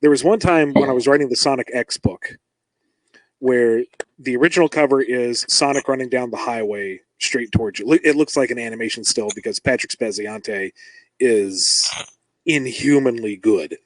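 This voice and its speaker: Man, comic writer guest, casual interview, enthusiastic, mid pitch, dry sound. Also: normal speed, no room sound, poor audio. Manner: enthusiastic, animated when quoting others.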